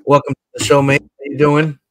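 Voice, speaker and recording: A man's voice: fairly high pitch, monotone, fairly quick, a bit bright, no room sound. A man hosting a casual livestream while he builds, chatting loosely with viewers and a guest. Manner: laid-back, chatty, talks to viewers. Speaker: livestream host.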